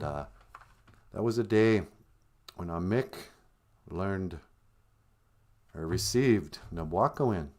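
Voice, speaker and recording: A man with a fairly low voice tells a traditional story as the podcast host. He is casual and animated, speaks to his listeners directly, and often laughs. His pitch swings widely through the telling. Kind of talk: live-streamed oral storytelling.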